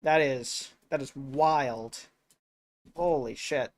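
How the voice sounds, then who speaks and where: A male streamer reacting to videos with excitable, exclamatory commentary and frequent swearing. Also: medium pitch, takes it slowly, slight background noise. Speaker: streamer host.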